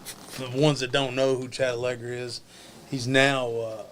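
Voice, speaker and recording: With slight background noise behind him, a man with a mid-range voice speaks at normal speed as a podcast guest. Once a wrestler, he shares crude backstage stories loaded with swearing, animated and chuckling at his own anecdotes.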